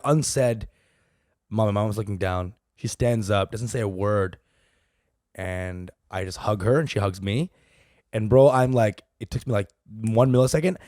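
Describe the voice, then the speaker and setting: A young man, a podcast co-host, telling a story in an animated, profane way and laughing as he goes. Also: fairly low pitch, measured pace, no echo, clean studio sound. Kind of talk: comedic storytelling.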